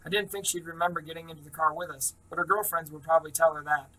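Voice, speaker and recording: A man reading a first-person novel aloud in a steady, plain manner, with small slips. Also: a little high, fast talker, distant mic, poor audio. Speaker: reader.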